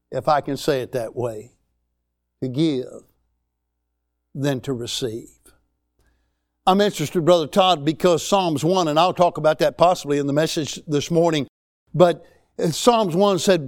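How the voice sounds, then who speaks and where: A man's voice: a little high, moderate pace, darkish tone. Folksy preacher man in his sixties. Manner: folksy, emphatic preaching with rising exclamations. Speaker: pastor. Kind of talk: sermon.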